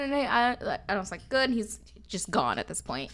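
A young woman chatting casually as a podcast co-host. She tells stories with energy and lifts her pitch when she quotes people. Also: moderate pace. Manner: animated storyteller, acts out quotes in a higher voice. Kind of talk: casual chat.

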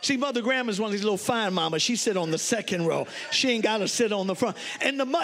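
High-voiced storytelling preacher man. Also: fast talker, few pauses. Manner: storytelling preacher, loud animated exclamations. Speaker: pastor. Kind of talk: sermon.

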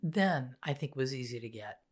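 A woman's voice: extremely low pitch, lively intonation, moderate pace, breathy edge. A middle-aged woman, mother of a co-host, chatting in a rambling way about true crime on a podcast. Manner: chatty, rambling, trails off mid-sentence. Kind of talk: casual true-crime chat.

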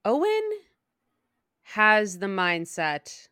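A woman's voice: medium pitch, huge pitch swings, drawn-out words, bright, forceful tone, clean tone, no room sound, studio quality. A woman co-hosting a podcast, chatting casually and earnestly about a book, quoting its lines. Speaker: podcast co-host. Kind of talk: casual book-club chat.

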